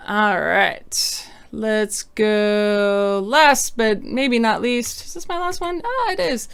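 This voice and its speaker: A woman's voice: mid-range voice, clear, resonant tone. A woman hosting a casual livestream lesson, explaining terms and chatting as she answers viewer comments. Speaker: samba teacher hosting a livestream.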